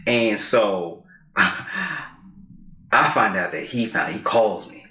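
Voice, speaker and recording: A man speaks as he tells a story on a podcast. His bright, forceful voice swings widely in pitch, and he breaks into high character voices for quotes. The room around him sounds echoey. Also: sing-song, drawn-out words. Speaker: podcast co-host. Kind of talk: casual storytelling chat.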